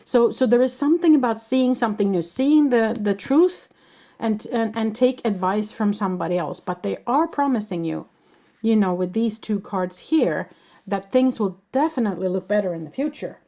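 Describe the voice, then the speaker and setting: A woman reads tarot cards for her viewers in a soft, mellow voice at a middle pitch. She speaks in a reassuring, meandering way and often stops to gather her thoughts. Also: animated. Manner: reassuring, meandering, with many pauses. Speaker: tarot reader.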